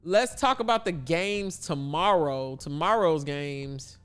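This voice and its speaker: A man hosting a casual sports talk livestream, chatty and blunt with animated asides. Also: on the high side, takes it slowly, smooth, faint music behind. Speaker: livestream host.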